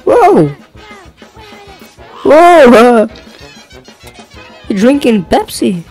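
A woman hosting a reaction video, gasping and exclaiming with excitement at each clip. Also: a little high, extremely slow, faint music behind.

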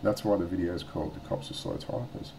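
A man's voice: low-pitched, big pitch swings, fairly quick, gravelly, dark tone, slight background noise, rough recording. An Australian man telling a story casually in a vlog at home, rambling and swearing, with lots of fillers and restarts. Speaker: vlogger.

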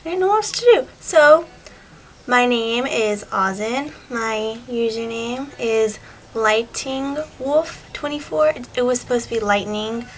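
A teenage girl chatting casually and slowly reading a list of words aloud at home. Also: fairly high pitch, slight background noise, poor audio. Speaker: vlogger. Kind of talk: casual accent challenge reading.

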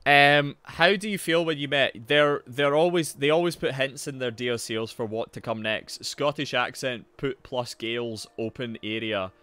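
A man streaming a game live, chatting casually and swearing, with sudden loud yells at the action. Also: medium pitch, normal speed, hardly any pauses, clear, resonant tone. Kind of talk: live gameplay commentary and chat.

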